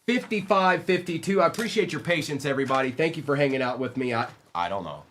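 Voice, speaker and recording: Man, live-stream host, casual chat with viewers, animated pitch, rattles off name lists. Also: a little hiss or hum. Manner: talks to chat viewers by name, reads lists of names quickly. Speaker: livestream card break host.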